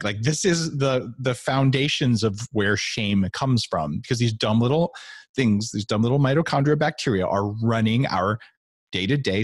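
A man's voice: medium pitch, dry recording, studio quality. A middle-aged man, a guest author, talking playfully on a podcast and acting out little voices as he explains. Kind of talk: animated podcast talk.

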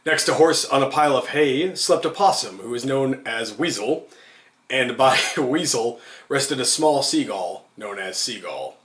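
A man's voice: medium pitch, expressive, measured pace, a bit bright. A man reading an absurd comic story aloud, amused and giggling through it. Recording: roomy echo.

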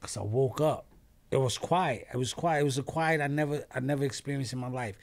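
A New York man with a brisk, gravelly, mid-range voice guests on a podcast, telling a story casually. He's an animated storyteller who acts out what others said and swears freely, often trailing off and restarting mid-sentence.

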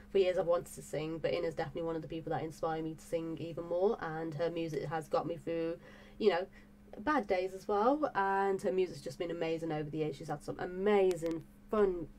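With a lowish, darkish voice, a music reaction YouTuber breathlessly gushes about her reaction channel in excited casual vlog talk, leaning on fillers and repeated exclamations. A little hiss or hum is audible.

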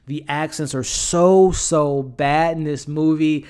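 A man in a somewhat high register talks his way through a movie review like a casual chat. He leans on fillers and repeats himself, and he is frank when something does not work for him. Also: fairly even intonation, takes it slowly, darkish tone, clean tone. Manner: conversational, many fillers and repeated words; frank, blunt criticism. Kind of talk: casual spoken film review.

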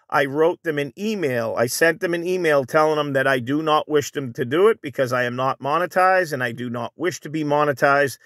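Recorded with clean studio sound and no audible room, this Phoenix-area vlogger speaks on the high side. He rambles casually, addressing his audience as folks while he reads their comments and rants, often restarting his sentences.

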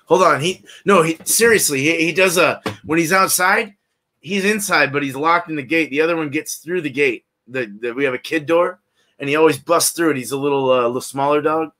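A laid-back man hosting a casual beer review livestream from his house. His voice is bright and forceful and sits a little high, and he rambles, laughs often and calls out to viewers by name. The talk is loose and unscripted, with plenty of restarts. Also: a little fast. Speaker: host of a live beer review stream. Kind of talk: casual live-stream chat. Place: at home, indoors.

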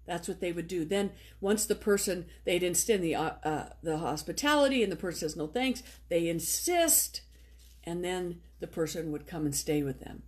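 A woman preacher giving a sermon in a church, reading scripture and then retelling the story in a relaxed, conversational way. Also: lowish voice, normal speed. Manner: conversational, retells story with lively voiced quotes.

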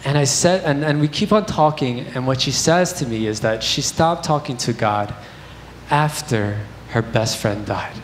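A man's voice: mid-range voice, a little slow. Young male preacher in an echoey church. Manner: candid, conversational storytelling with fillers. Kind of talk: sermon. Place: church sanctuary. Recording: echoey church hall with faint noise.

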